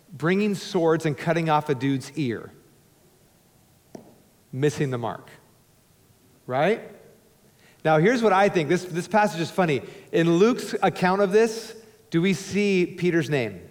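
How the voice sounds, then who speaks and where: Male pastor, higher voice, preaching with joking asides and big loud-to-soft swings, church reverb tail. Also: lively intonation, slow pace, pauses often. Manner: emphatic, swings between loud urging and hushed low tones. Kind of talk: sermon. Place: church sanctuary before a congregation. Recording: long hall reverb in a church.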